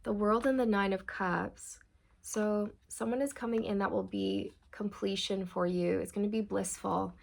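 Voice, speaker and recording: A woman's voice: mid-range voice, fairly even intonation, normal speed, vocal fry, a little hiss or hum. A woman giving a channeled tarot reading, talking to viewers in a meandering, reassuring way and often calling them "you guys.". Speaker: tarot reader.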